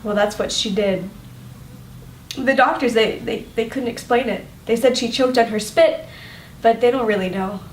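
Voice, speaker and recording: A young woman performing a monologue as a daughter in mourning, telling it in a measured, wry, deadpan way. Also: a little high, a little hiss or hum, close to an everyday voice. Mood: wry, grave. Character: young woman mourning her odd parents. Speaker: acting student. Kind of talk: dramatic monologue. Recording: roomy echo from far off.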